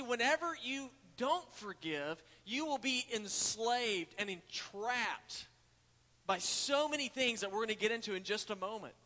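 Telling a folksy tale from the pulpit, this pastor calls his congregation "y'all." His voice sits high and sounds pushed and bright, with the reverb of a church hall around it.

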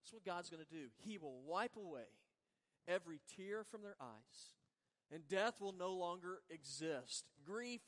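A man pastor preaching a sermon in earnest, moving between soft, drawn-out words and emphatic lines. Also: high-pitched, lively intonation. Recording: long reverb of a large hall.

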